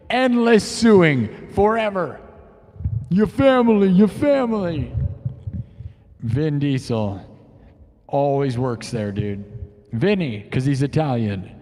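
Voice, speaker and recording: A man's voice: on the high side, animated, takes it slowly, darkish tone. Rambling, joking male livestream host. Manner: joking, rambling, playful rants. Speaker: livestream host and improvising musician. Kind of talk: rambling comedic livestream chat. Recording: long reverb.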